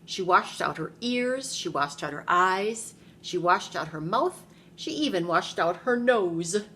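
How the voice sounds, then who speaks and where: A preschool teacher reads a picture book aloud to young children in a classroom, telling the story with animation and stopping to ask them questions. Her voice is lowish and a little slow, with a faint hiss or hum in the recording.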